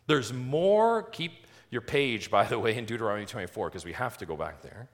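A male pastor preaching a sermon, reading scripture slowly and putting rhetorical questions to the congregation. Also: mid-range voice, expressive. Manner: reads scripture aloud slowly and deliberately.

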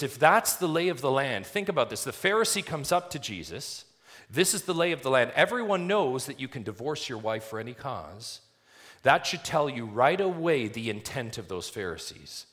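A male pastor preaching a sermon, reading scripture slowly and putting rhetorical questions to the congregation. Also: medium pitch, a bit bright. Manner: reads scripture aloud slowly and deliberately.

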